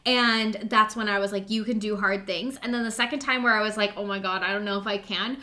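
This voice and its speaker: A woman's voice: mid-range voice, fairly even intonation, quick pace, pushed and bright. A young woman co-hosting a podcast, telling a story in an upbeat, chatty way, full of "like" and acted-out quotes. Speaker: podcast co-host. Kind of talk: casual storytelling chat.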